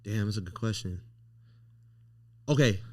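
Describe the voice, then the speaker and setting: Excitable young man telling stories, slangy. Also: on the low side, a little slow. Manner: excitable storyteller, slangy, says bro a lot. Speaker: podcast host. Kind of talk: casual podcast chat.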